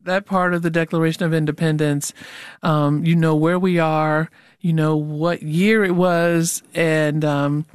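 Dry measured radio host. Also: medium pitch, level tone, smooth, no echo. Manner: measured, friendly questioning. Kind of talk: radio interview.

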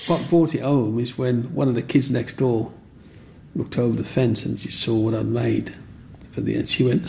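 A man's voice: mid-range voice, fairly even intonation, normal speed, vocal fry, warm tone, slight background noise. A man, an interviewee telling stories of his childhood, rambling and repeating himself, with "you know what I mean" coming back often. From English Black Country. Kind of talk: reminiscing storytelling.

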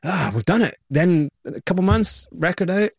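A man's voice: high voice, moderate pace, creaky, husky, no room sound, studio quality. A man, a guest in an interview, telling his story animatedly and acting out the people he quotes. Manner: animated, acts out quoted voices.

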